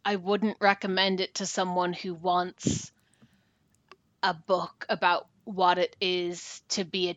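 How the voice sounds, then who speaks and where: A woman's voice: fairly low pitch, fairly bright tone, no echo, dull audio. A woman co-hosting a casual book talk, retelling a story at length with fillers. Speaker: book podcast co-host.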